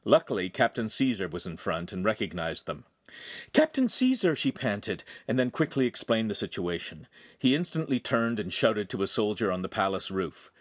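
A man reading a novel aloud as scripted narration, with expressive storytelling. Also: lowish voice, moderate pace. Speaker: audiobook reader.

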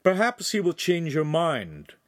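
A man playing a haughty young nobleman, raised pitch. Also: wildly swooping pitch, unhurried. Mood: smoothly haughty. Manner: imperious, raises his voice. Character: arrogant young male noble, haughty and threatening.

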